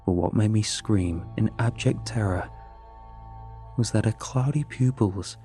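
A man narrating a scripted horror story with a low, dark, mellow voice. His delivery is measured and ominous. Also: soft background music.

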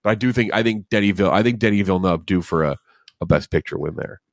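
A man's voice: low voice, quick pace, no echo, studio quality. A man co-hosting a casual movie podcast, rambling through opinions with frequent restarts. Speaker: podcast co-host.

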